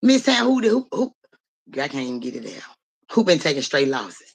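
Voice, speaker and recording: A young psychic reader live-streams a story to her audience, speaking to them directly in animated, profane slang. Her voice is deep and husky with vocal fry, and she talks a little fast.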